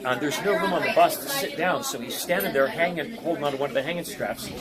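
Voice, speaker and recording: A man's voice: a little high, fast, a loud crowd. A man leading a band, chatting casually and telling jokey stories. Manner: joking storyteller, teasing. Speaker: band leader. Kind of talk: casual chat. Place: restaurant. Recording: noisy crowded restaurant.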